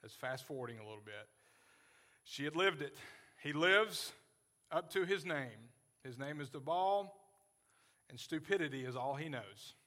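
A man's voice: fairly high pitch, lively intonation, unhurried, pauses often, bright, forceful tone. A man in his forties preaching a sermon as pastor, earnest and folksy, joking with his congregation. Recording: long hall reverb.

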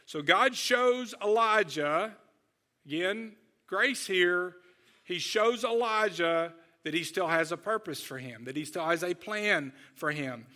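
Earnest bright-voiced male preacher. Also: high-pitched, animated, slow pace. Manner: earnest, conversational, asks rhetorical "right?" and "okay?". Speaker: pastor. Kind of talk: sermon.

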